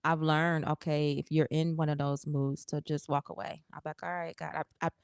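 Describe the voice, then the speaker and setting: A pastor's wife talking openly on a casual podcast, her voice lower than most women's. The sound is dry and close to the mic. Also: level tone, normal speed, clean tone, no room sound. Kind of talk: casual chat on a church podcast.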